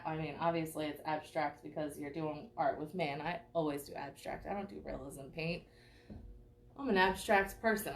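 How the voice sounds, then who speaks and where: A young woman teaching a live online painting class, chatty and encouraging, checking in with "okay?" often. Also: lowish voice. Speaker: art teacher.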